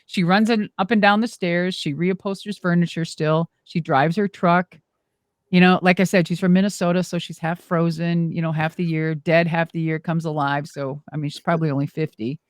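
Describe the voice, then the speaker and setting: A middle-aged woman telling stories in an interview in a lively, rambling way, acting out the voices she quotes and swearing casually. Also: lowish voice, normal speed, dry recording, studio quality. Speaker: guest, former wrestler and monster truck driver.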